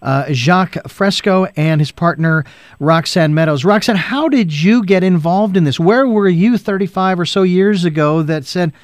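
A man's voice: high-pitched, moderate pace, no echo, studio quality. A male radio host who asks long, meandering questions with plenty of fillers. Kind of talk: casual interview.

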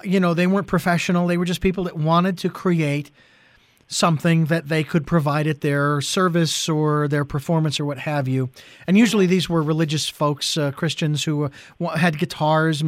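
Halting male radio host, dry sound. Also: a little high, no echo. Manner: halting, many fillers and restarts. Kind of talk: radio interview.

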